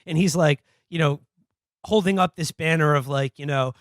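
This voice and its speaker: A man's voice: a little high, normal speed, no room sound, studio quality. A man co-hosting a podcast in casual chat, reading out an article and mocking it sardonically. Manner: sardonic, reads quotes aloud and mocks them. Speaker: podcast co-host.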